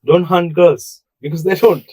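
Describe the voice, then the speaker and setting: A man's voice: on the high side, a little slow, slightly rough, no echo, rough recording. A man from Bangladesh, chatting casually on a podcast and repeating words as he talks. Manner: animated, repeats words, does playful accent impressions. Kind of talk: casual chat.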